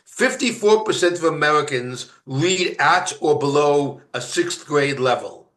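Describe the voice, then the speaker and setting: A man from Canada giving a university lecture, halting with many fillers and restarts and stressing each word of a list. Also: on the high side, expressive, a bit bright, echoey room. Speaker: guest lecturer. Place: lecture room.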